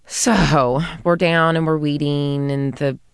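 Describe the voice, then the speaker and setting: A woman co-hosts a garden talk show, her voice a little hoarse but still smooth underneath. She tells stories in a lively, chatty way. The sound is close and dry. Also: low voice, takes it slowly, dry recording. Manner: lively storyteller. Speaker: radio garden show co-host. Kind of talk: casual chat.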